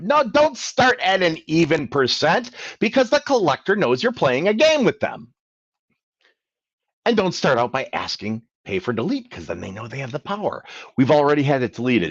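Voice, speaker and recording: A man's voice: mid-range voice, a little fast, no room sound. A man coaching on credit during a live Q&A stream, talking casually and acting out phone calls. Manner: animated, acts out phone calls. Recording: dull, dry sound.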